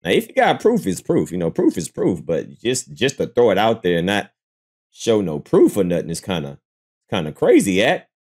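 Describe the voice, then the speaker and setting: A man with a husky voice reacts to clips on a live stream at a moderate pace. His commentary is casual and mocking, lively enough that he bursts into high squeals of disbelief.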